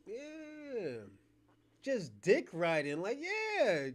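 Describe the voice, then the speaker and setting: A man hosts his own stream and rants straight at his chat. His voice sits very high and leaps all over the place. He curses freely and mocks his critics. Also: huge pitch swings, extremely slow. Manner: profane, combative, addresses chat directly; mocking, laughs between jabs. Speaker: channel host. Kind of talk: livestream rant.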